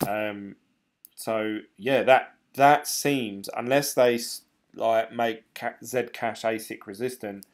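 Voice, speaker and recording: A man chatting casually on a live stream, rambling and laughing often as he reads comments. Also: on the low side. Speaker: crypto vlogger reading live chat.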